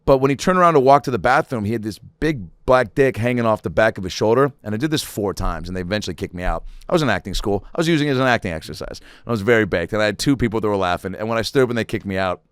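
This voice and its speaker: A man hosting a podcast, telling rambling, profane stories in casual chat and slipping into quick impressions. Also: on the low side, animated, fairly bright tone, smooth, no room sound, studio quality. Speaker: podcast host.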